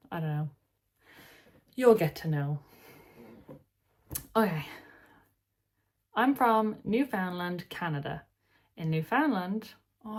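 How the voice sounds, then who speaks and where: A woman's voice: fairly low pitch, darkish tone. Tired Irish woman, rambling chatty vlogger. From Ireland. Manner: chatty, rambling, with wry asides. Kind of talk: casual reaction vlog, reading posts aloud.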